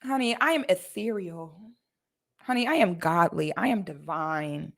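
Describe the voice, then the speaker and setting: A woman's voice: lowish voice, unhurried, creaky. A woman talking straight to her viewers in a confrontational casual rant, full of sassy asides and repeated "okay?" tag questions. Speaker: vlogger.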